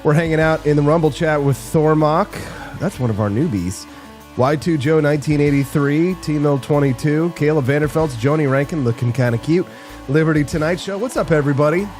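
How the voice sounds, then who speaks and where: A man hosting a live political talk show, joking and sarcastic with quick asides. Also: fairly high pitch, a little mellow, faint music behind. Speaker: host.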